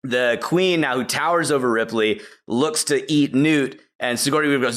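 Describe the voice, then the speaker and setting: A podcast guest with a medium-pitched male voice eagerly retells a movie plot at a moderate pace, rarely pausing. His casual, animated storytelling is packed with "like" and "you know."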